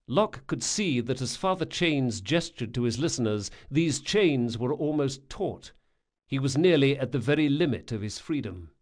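Male audiobook narrator, mid-pitched, measured and descriptive. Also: expressive.

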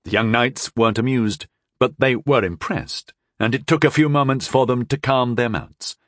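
A man's voice: mid-range voice, normal speed, a bit bright, no echo. A man narrating a first-person fantasy audiobook in a dry, wry storytelling manner.

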